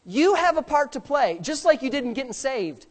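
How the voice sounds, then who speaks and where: In a church sanctuary, a male pastor delivers an emphatic sermon at normal speed with a sing-song lilt. He alternates between booming moments and hushed, joking asides.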